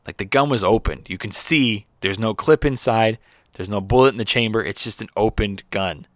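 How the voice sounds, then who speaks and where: A man's voice: fairly low pitch, moderate pace, no room sound, studio quality. A man, a comedian and podcast host, chatting casually and teasing his guest, laughing often. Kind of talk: casual chat.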